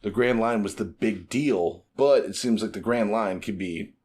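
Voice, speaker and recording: An American man in casual podcast chat, animated and swearing, acting out quotes in put-on voices. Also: lowish voice, moderate pace. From United States. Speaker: podcast co-host.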